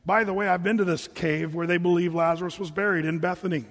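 Man, preacher, high voice, conversational sermon, joking asides, long hall echo. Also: steady tone, quick pace, fairly bright tone. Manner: conversational, joking asides between scripture readings.

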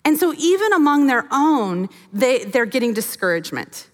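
A woman teaching a sermon from scripture, animated and acting out the characters' voices as she tells the story. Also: high-pitched, normal speed, big-room sound. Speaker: Bible teacher.

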